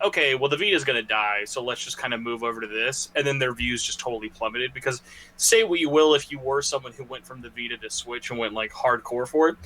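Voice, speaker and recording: Male podcast guest, middle pitch, bright voice, chatty and rambling. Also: a little hiss or hum. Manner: rambling, filler-heavy, joking. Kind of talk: casual podcast chat.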